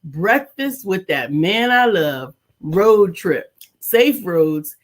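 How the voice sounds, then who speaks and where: A woman's voice: on the low side, lively intonation, very slow. A middle-aged woman hosting a casual live show, playful and teasing, laughing easily as she reads out viewer comments. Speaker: show host.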